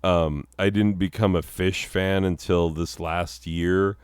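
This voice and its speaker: A man in his forties rambles through a casual monologue, mocking himself and laughing at his own jokes. His voice sits low and unhurried. It comes across smooth and close, with a dry, dead sound around it. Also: fairly even intonation, dry recording. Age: 40s. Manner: self-mocking, laughs often, many fillers. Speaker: channel host.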